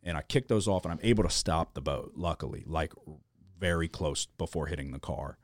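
A young man with a low, deep voice tells a wild story in loose, casual chat, full of fillers and swearing. The sound is close and dry, with no room around it. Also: a little fast, no room sound.

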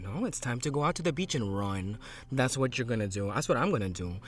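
A man co-hosting a casual chat podcast, telling stories in an animated, dramatic way. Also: medium pitch, fast, no echo. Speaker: podcast co-host.

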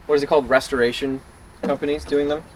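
A man's voice: fairly high pitch, flat delivery, fast, poor audio. A man co-hosting a casual podcast on a golf course, often finishing his partner's sentences. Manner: chimes in, finishes others' sentences. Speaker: podcast co-host. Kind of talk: casual chat. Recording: faint outdoor noise.

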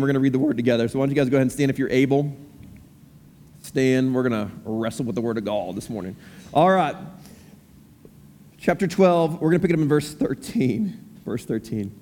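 A man's voice: fairly high pitch, animated, fairly quick, darkish tone. A man in his thirties preaching a sermon to his congregation, conversational with many fillers and repeated words, then reading scripture aloud. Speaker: pastor. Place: church sanctuary. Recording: long reverb of a large hall.

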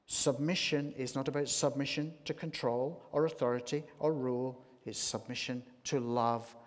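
A man preaching a sermon, slow and deliberate, rising to emphatic points. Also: mid-range voice, steady tone. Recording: long hall reverb.

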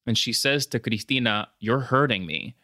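A podcast host recaps a horror film in a casual chat, telling the story animatedly and mixing in Spanish words, swears and laughs. His medium-pitched voice moves at normal speed, captured in a dry, studio-quality recording.

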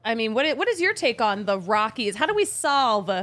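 A woman with a bright, forceful voice hosts a live podcast from a studio. She is upbeat and reacts quickly to her guest, speaking a little higher than most women. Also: big pitch swings, no room sound. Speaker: podcast host.

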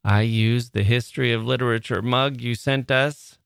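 A man hosting a podcast, reading listener mail in a chatty, playful way, often laughing and getting excited. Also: mid-range voice, moderate pace, creaky, smooth, dry recording, clean studio sound. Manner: emotional, excitable. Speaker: podcast host. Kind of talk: reading listener mail aloud, casual monologue.

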